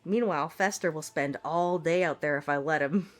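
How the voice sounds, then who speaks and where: A woman's voice: low voice, normal speed, faint music behind. A woman artist chatting casually on a livestream from home, laughing often and talking to her cat. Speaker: artist streamer.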